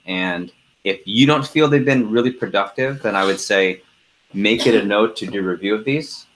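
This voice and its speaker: A middle-aged man leads a team conference call in an animated, chatty way, laughing as he tells stories before moving to business. His voice sits low yet sounds bright and forward. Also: normal speed. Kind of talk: casual storytelling then call agenda.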